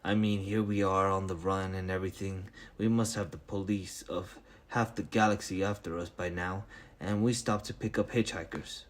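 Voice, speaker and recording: A man's voice: deep voice, fairly even intonation, moderate pace, close to an everyday voice. A man reading aloud, voicing a conceited male spaceship captain who complains irritably. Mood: irritable.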